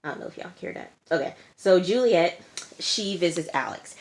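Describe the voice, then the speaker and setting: This woman's voice sits on the low side but carries lively intonation at a moderate pace. Reviewing a reality TV show indoors, she keeps repeating points and saying "like" and "okay" with casual emphasis. Sirens are audible from outside.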